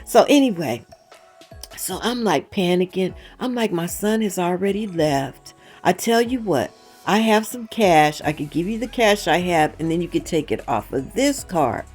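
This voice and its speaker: Animated woman telling a story. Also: fairly low pitch, moderate pace, husky, faint music behind. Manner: animated retelling with quoted dialogue; emphatic asides to viewers. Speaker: channel host. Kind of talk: casual storytelling vlog.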